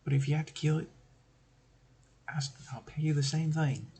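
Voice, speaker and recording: A man's voice: fairly high pitch, normal speed, mellow, husky, voice pushed up. A man voicing a worried farmer in a put-on rustic accent, pleading anxiously for help, while running a tabletop-game example. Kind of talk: game-master role-play voice.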